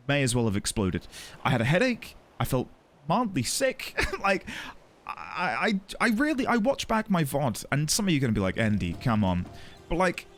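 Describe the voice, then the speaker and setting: Earnest, lively-voiced male streamer. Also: a little high. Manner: earnest and emotional, greets viewers by name, rambling. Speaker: live streamer. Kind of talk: casual chat with a live audience.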